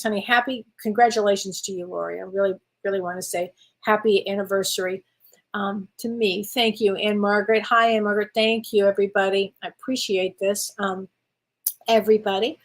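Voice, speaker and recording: A woman, a spiritual medium chatting encouragingly with viewers on a live stream. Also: a little high. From Wisconsin, USA. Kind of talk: casual live-stream chat reading viewer comments.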